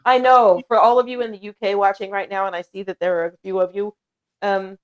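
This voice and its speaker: An American woman hosts a casual livestream chat in a medium-pitched, fairly even voice that runs a little fast. She talks freely, laughs a lot, and reads viewers' comments aloud, though the audio sounds dull.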